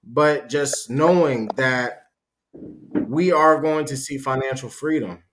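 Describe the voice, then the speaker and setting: A man hosting a live stream, building up his audience with upbeat, drawn-out motivational talk. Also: medium pitch, fairly bright tone. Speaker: host of a crypto live stream.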